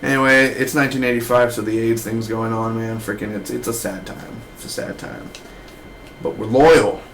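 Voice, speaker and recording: Young male reviewer, loose and slangy, mid-pitched voice, rambling delivery. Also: steady tone, moderate pace, a bit bright, a little hiss or hum, low-quality recording. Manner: slangy, loose, keeps saying man and dude. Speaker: TV show reviewer.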